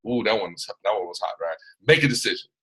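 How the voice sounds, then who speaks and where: A man from Atlanta with a Southern American accent and a resonant baritone, giving an emphatic, preachy motivational training talk on a video call. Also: lively intonation, a little fast, fairly bright tone, slightly rough, rough recording. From Atlanta, Georgia, US. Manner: preachy, emphatic, repeats phrases, puts on voices of others. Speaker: mentor hosting a live training call.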